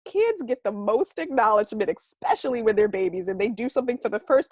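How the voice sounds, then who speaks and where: A woman coaching a self-love class in a casual, animated way. She swears lightly and acts out quoted voices. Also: a little high, fast, hardly any pauses, dry recording. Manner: casual speech with mild swearing. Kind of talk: casual conversational teaching.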